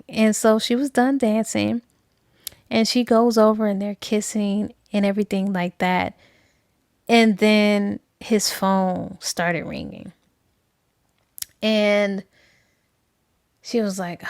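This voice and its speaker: A woman's voice: mid-range voice, measured pace, dry recording, studio quality. Chatty woman retelling a novel. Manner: chatty retelling with fillers, acting out quotes. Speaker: book reviewer. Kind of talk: casual book recap.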